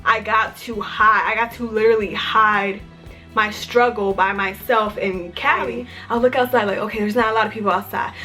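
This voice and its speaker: A young woman from Maryland telling a personal story in a casual vlog, chatty and full of "like". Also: on the high side. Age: young adult. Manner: chatty, filler-heavy with frequent "like". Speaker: vlogger. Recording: faint music under the voice. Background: soft background music.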